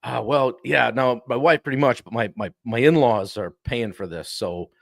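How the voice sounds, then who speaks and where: An uncertain male client, as a man acts him out who hedges and lets his sentences trail away. His voice sits near an ordinary middle pitch. The recording is dry and close. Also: moderate pace, vocal fry, no room sound, close to an everyday voice. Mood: unsure. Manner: hesitant, trailing off.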